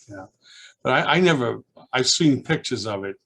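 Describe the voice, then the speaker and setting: Older man, lively storytelling. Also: mid-range voice, normal speed, vocal fry, slight background noise. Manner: lively storyteller who acts out children's voices; rambling with frequent restarts and asides. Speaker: alumnus being interviewed. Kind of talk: reminiscing in an oral history interview.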